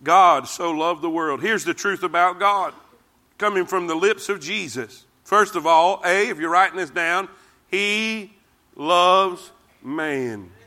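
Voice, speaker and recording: A man's voice: high voice, slow pace, bright, forceful tone. A man preaching a sermon, emphatic and repetitive, leading the congregation to read verses with him. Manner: emphatic, repeats phrases, calls congregation to respond.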